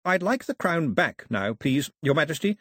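A man voicing a polite, composed male official who speaks in a courteous, measured way, in an audiobook reading. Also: on the high side, big pitch swings, a bit bright, husky, no echo, clean studio sound, pitched above the performer's own voice, full character voice. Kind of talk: audiobook character voice.

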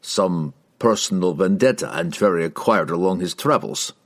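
A man's voice: low-pitched, moderate pace. A man doing a sly, menacing guildmaster. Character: scheming male guildmaster, cold and possessive.

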